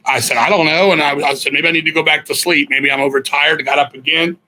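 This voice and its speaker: A middle-aged man, a guest musician, telling stories in a blunt, profane, animated way. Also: fairly high pitch, fast talker, poor audio. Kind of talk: casual storytelling interview.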